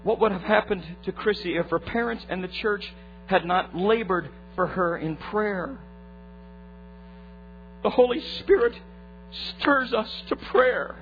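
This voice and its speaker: High-voiced preacher with faint hum. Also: male voice, unhurried, pauses often. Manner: acts out voices in his story, swings from hushed to fervent. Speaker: pastor. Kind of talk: sermon with a retold story. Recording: muffled lo-fi recording with faint hum.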